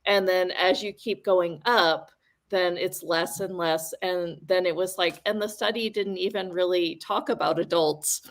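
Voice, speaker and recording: Slow-talking woman hosting a chat show. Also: lowish voice, fairly even intonation. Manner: chatty, thinks aloud with fillers. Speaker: talk show host. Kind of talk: casual chat.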